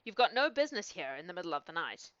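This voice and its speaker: Lady doing a simple fearless lad, blunt, shouty at times, dull lo-fi sound. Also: fairly low pitch, very animated, fast talker, no echo. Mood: shouting. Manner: blunt, matter-of-fact, raised and shouting at times. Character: simple fearless young man, blunt and cheerful.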